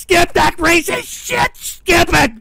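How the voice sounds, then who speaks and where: A man hosting a comedy stream in an exasperated, profane on-air meltdown, swinging between yelling and weary muttering. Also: very high-pitched, animated, slow, creaky, noisy background.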